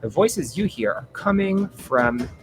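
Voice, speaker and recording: A man running a tabletop game as game master, narrating in a halting, chatty way full of "uh" fillers. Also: fairly high pitch, animated.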